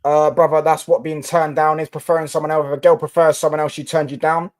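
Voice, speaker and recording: Chatty man with a higher voice. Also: little pitch movement, quick pace. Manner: chatty, reads and answers viewer comments, many fillers and restarts. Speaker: football live streamer. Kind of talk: casual live-stream chat.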